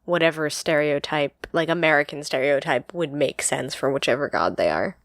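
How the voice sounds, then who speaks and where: A woman's voice: low voice, normal speed, gravelly, dry recording. A woman co-hosting a podcast, chatting casually and rambling with lots of fillers. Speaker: podcast co-host. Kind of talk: casual chat.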